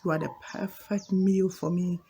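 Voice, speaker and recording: A woman voicing a sly, hungry male lion in a spoken fable, pleading low, then gloating. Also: level tone, normal speed, dark tone, a little hiss or hum, natural voice.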